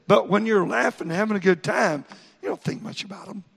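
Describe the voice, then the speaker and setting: Male pastor, folksy sermon storyteller, husky rasp, reverberant church room. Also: sits high, fairly quick, a bit bright. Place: church sanctuary.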